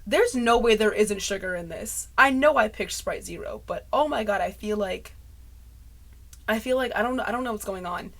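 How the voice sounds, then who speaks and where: A woman chatting straight to her camera in a loose, rambling vlog, jumping from thought to thought and laughing at her own slips. Her voice is bright and forceful, close on a mic that runs hot. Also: medium pitch, normal speed. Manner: rambling stream of consciousness, often laughing at herself. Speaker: vlogger. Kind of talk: casual talking-head chat. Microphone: mic close to clipping.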